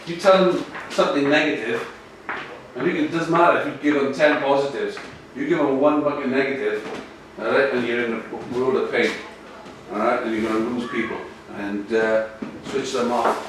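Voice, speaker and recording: A rugby coach, a man, giving a lively workshop talk to other coaches. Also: medium pitch, moderate pace. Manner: lively, animated, addresses audience directly. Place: workshop room. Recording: echoey room from far off, faint noise.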